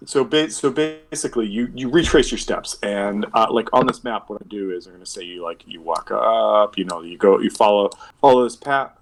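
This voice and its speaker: A man running a tabletop game as game master, rambling with many fillers and restarts. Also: medium pitch. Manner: rambling, filler-heavy, self-correcting.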